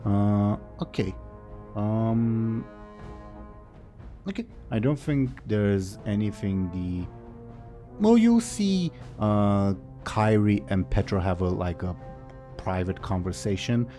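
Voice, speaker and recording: A man running a tabletop role-playing game as game master. His voice is low and warm-toned, and his manner stays casual and playful, with a relaxed, conversational flow. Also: slow pace, faint music behind.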